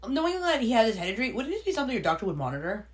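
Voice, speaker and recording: Woman, podcast co-host, casual chat, animated pitch, exclaiming, jokey. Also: very fast. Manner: reactive, exclaiming, jokey asides.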